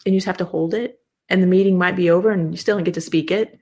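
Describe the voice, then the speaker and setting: Woman, fifties, low voice, gravelly, interview guest, animated explaining. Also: quick pace. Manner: animated explaining, frequent restarts. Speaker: guest occupational therapist. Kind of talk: casual interview talk.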